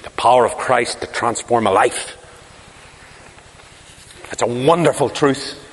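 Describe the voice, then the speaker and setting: A man's voice: mid-range voice, measured pace, a little hiss or hum. A man preaching a sermon, telling stories and asking rhetorical questions with emphasis. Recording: long reverb of a large hall.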